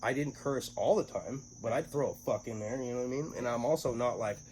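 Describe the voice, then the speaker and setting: A man's voice: medium pitch, fairly quick, darkish tone, breathy edge, poor audio. A man co-hosting a podcast, telling a long story in a casual, profane way and acting out the other people's voices. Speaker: podcast co-host.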